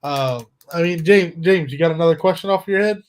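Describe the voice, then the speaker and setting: A man hosting a podcast, reading a listener's question in a relaxed way. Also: fairly high pitch, fairly quick. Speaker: podcast host. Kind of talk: casual chat.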